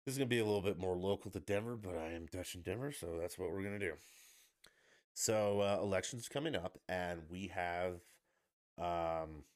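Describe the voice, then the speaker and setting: Low-voiced man ranting bluntly. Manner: blunt, profane, sarcastic. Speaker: podcast host. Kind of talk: angry political rant.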